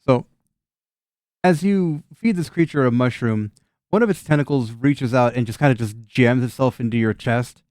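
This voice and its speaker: A man's voice: medium pitch, normal speed, a little mellow, dry recording. Man, game master, casual swearing narration, dry close sound. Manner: casual, laughing, swears often, many fillers.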